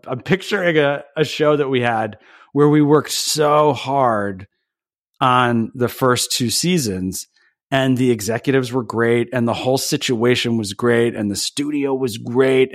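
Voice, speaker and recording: A man who creates TV shows, speaking as a guest in an earnest, reflective way with halting restarts. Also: mid-range voice. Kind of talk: casual podcast interview.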